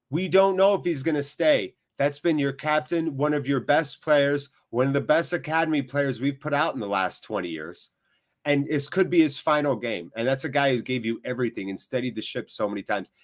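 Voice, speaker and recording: A man's voice: mid-range voice, expressive, normal speed. American guy rambling through a live match stream, casual and a bit fried, talking right to the chat. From United States. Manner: rambling, chatty, talks straight to viewers. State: emotionally drained. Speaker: watchalong host.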